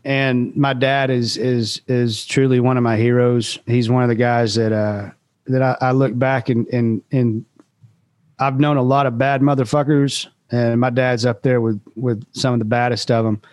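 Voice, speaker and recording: A man's voice: mid-range voice, flat delivery, normal speed, darkish tone, no room sound. Laid-back man telling a story. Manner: laid-back, rambling with restarts and laughs. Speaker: musician guest. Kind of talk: casual storytelling interview.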